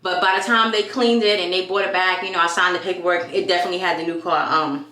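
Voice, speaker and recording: A woman chats through a casual vlog, animated and quick to act out what people said. Her voice is bright and forceful. The room around her is echoey. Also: lowish voice. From New York. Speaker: vlogger.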